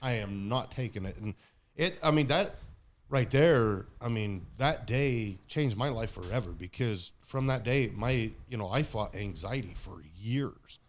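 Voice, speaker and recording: A man's voice: medium pitch, expressive, unhurried. A man guesting on a podcast, telling a personal story in a blunt, casual way and swearing freely.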